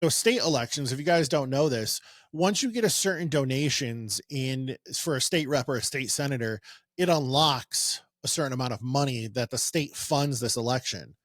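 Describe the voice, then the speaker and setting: Sarcastic podcast host, dry mic. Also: male voice, mid-range voice, moderate pace, a bit bright, no echo. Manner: rambling, sarcastic asides. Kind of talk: casual political podcast chat.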